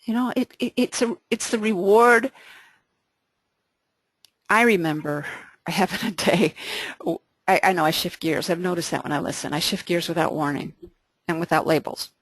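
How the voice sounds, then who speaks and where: A woman leading a casual Bible study talk, conversational and lively, with frequent restarts. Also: on the low side, normal speed, pauses often, dry recording.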